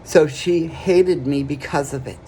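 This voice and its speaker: A man with a somewhat high voice tells his own story to the camera in an earnest, plain-spoken confessional way. He talks slowly and keeps pausing to check in with "okay?" between his points. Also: darkish tone, a little hiss or hum. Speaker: vlogger.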